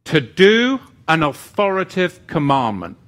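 Animated male preacher, lively pitch. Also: a little slow. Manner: animated, swings between intense emphasis and joking asides. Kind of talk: sermon.

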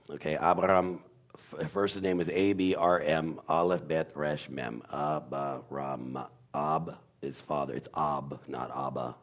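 A man as a guest explaining Hebrew letters, halting and searching for words, sounding out syllables to demonstrate. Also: very deep voice. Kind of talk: casual explanatory talk.

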